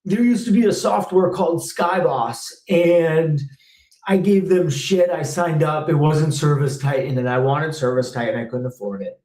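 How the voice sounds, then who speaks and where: A man's voice: a little high, normal speed, darkish tone, reverberant. A man in his thirties, a former technician hosting a live Q&A, talking in a blunt, fired-up way and swearing freely. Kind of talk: live Q&A rant.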